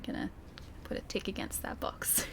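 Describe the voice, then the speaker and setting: A woman's voice: normal speed, fairly bright tone, slight background noise. A young woman with a light Australian accent, chatting and laughing through a game stream and reading out chat. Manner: giggly, chatty, self-mocking. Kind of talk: casual gameplay commentary reading chat.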